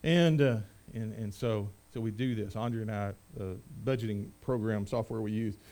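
A middle-aged pastor preaches a sermon, rising to loud proclamation and dropping to quiet conversational asides. His pitch is fairly low and his pace moderate.

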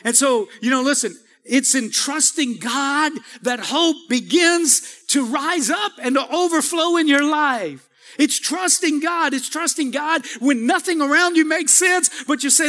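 High, bright preaching man in a hall. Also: a little slow. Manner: call-and-response preaching, rising to shouts. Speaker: pastor. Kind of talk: sermon. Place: church sanctuary. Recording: long hall reverb.

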